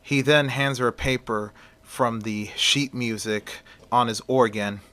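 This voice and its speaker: A man's voice: mid-range voice, steady tone, unhurried, pushed and bright. A man narrating a fan-made story in a plain reading voice, with small slips.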